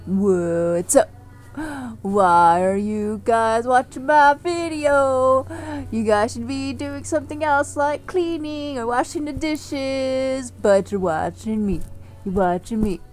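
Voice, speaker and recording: A woman voicing a hyper, cheeky bee, shrill, loud and teasing. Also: takes it slowly, soft background music. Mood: giddy.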